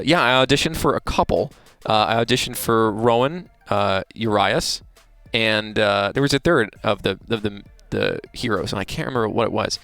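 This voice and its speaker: A man, a voice actor being interviewed, talking in a chatty, relaxed way with many restarts. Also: lowish voice, clean tone, no room sound. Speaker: voice actor guest.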